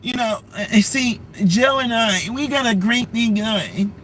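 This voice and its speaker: A man's voice: very high-pitched, a little slow, a bit bright, slight background noise, poor audio. A man putting on a mocking impression of a woman politician who rambles and stammers over her words. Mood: flustered.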